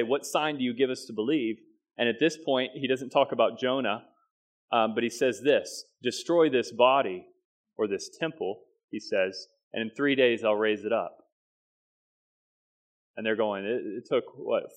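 Guy preaching a sermon, medium voice, punches the key words, quick asides in between. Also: medium pitch. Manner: emphatic preaching, quick asides with slow stressed phrases. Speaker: pastor.

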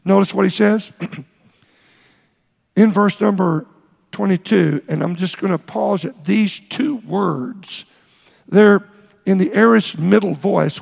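Middle-aged male pastor, high gravelly voice, preaching a sermon, echoing through a long-reverb church hall. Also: a little mellow. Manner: halting, repeats words, explains Greek terms. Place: church sanctuary.

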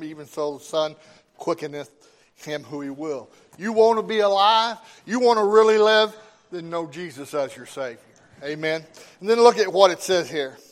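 A man preaching a sermon as pastor, with rising emphasis and call-outs to the congregation. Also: high-pitched.

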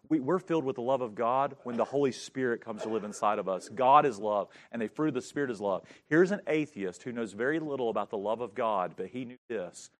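A man preaching a sermon in church as a visiting pastor, telling a story with emphasis. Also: mid-range voice.

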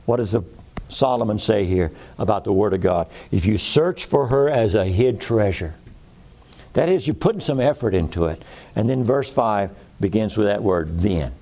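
Gravelly, folksy male preacher. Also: on the low side, lively intonation, moderate pace, mellow. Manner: folksy, repeats phrases for emphasis. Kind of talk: sermon.

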